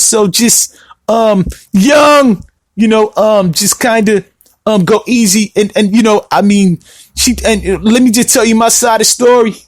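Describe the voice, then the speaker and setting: A man's voice: sits high, no echo, studio quality. A man putting on an impression of a famous rapper, a drawling adult man full of "yo" and "young" fillers. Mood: coaxing.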